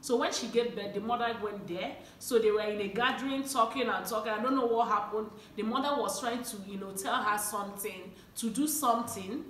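A woman's voice: a little high, a little fast, few pauses, a bit bright, reverberant, a little hiss or hum. A young adult woman from Nigeria with an Igbo accent, talking earnestly to her viewers, pleading and often repeating herself with a questioning "eh?". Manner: passionate and pleading, repeats words, frequent "eh?". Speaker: vlogger. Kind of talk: earnest talk to camera.

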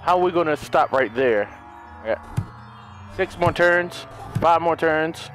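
Excitable high-voiced man over game music. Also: a little slow. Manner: excitable, shouting, laughing, talking to game characters. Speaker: gaming commentator. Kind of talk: let's play commentary.

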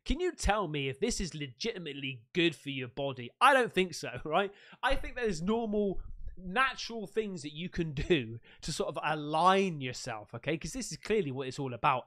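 With a high voice, this English video host reacts casually and excitably to what he's watching, shouting exclamations and cursing as he goes.

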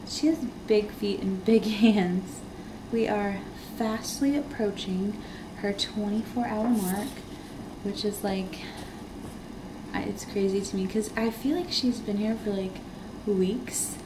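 A young woman and new mother talking casually to the camera in a hospital room, soft-spoken, rambling and emotional. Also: mid-range voice, background noise.

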